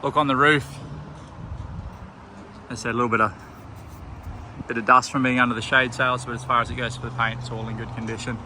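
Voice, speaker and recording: A man with an Australian accent, a car salesman giving a relaxed walkaround tour of a vehicle, pointing out features as he goes. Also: medium pitch, fairly quick, long pauses, background noise. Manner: relaxed, plain-spoken, pointing things out as he goes. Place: outdoors around a car, then inside it.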